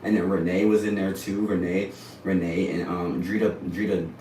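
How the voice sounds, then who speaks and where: A young man on a casual livestream, telling a family story in an animated, rambling way with plenty of swearing. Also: deep voice, moderate pace. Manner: animated, rambling, profane, often laughs. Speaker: livestream host. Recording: roomy sound, distant from mic, faint background noise.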